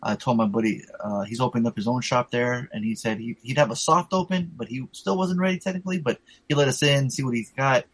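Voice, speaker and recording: A man's voice: mid-range voice, brisk, few pauses, fairly bright tone, slightly rough, no echo, poor audio. A man telling a rambling, profanity-laced story in casual chat, full of fillers.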